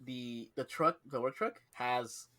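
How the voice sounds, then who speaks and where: Speaking slowly in a mid-range voice, a young male podcast co-host chats casually and spins animated stories. He swears a lot and performs the quotes as he tells them.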